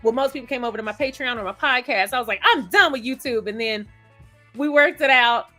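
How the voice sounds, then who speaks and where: Bright-voiced woman chatting with a live stream. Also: a little high, fast talker, faint music behind. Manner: chatty, laughs often, greets viewers by name. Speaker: host of a live stream discussion. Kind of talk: casual live chat reading viewer comments.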